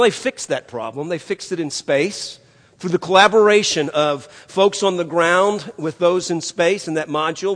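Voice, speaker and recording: A man's voice: a little high, fairly bright tone, big-room sound. An older man preaching a sermon as pastor, emphatic and conversational, telling stories to make his point. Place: church sanctuary.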